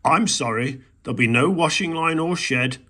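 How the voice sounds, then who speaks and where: A man reading a storybook aloud and voicing a kind, sensible male badger who speaks calmly and firmly. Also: a little high, moderate pace. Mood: reassuring. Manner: calm and firm, calls out loudly.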